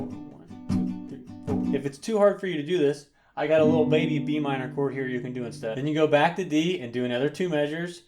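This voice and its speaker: A man giving a guitar tutorial in an upbeat way, explaining chords and counting beats aloud while he strums. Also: fairly high pitch. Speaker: guitar teacher. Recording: guitar playing under the voice. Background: loud guitar.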